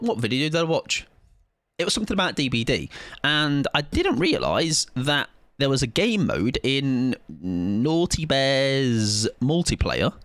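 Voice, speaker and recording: A man streaming a game with casual, jokey commentary, often jumping into squealing high-pitched bursts. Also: fairly bright tone, no room sound.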